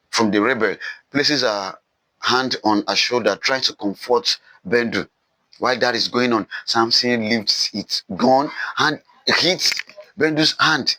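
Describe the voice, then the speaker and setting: Brief: bright-voiced male tutor summarising a novel, lively and repetitive, dry close sound. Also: medium pitch, dry recording, rough recording. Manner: animated retelling, repeats phrases for emphasis. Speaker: literature teacher.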